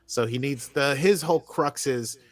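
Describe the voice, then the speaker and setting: A man's voice: medium pitch, moderate pace, dry recording. An American man co-hosting a podcast, chatting casually and rambling through an episode recap with lots of fillers and restarts. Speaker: podcast co-host.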